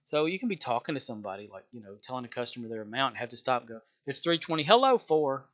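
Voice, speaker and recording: A man's voice: medium pitch, racing, fairly bright tone. Worn-out man ranting profanely while gaming. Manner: rambling, profane, exasperated, chuckles often. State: worn out, low energy. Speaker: gaming streamer venting about work. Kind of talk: casual rambling rant while playing a game.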